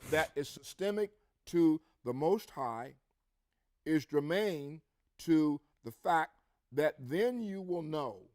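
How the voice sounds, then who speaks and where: Guy on a bible podcast, bit higher voice, reads verses punchy and loud then chats. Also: lively intonation, slow pace. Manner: reads scripture aloud with rising emphasis, then comments. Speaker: podcast co-host reading scripture. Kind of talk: religious podcast discussion with scripture reading. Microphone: podcast mic.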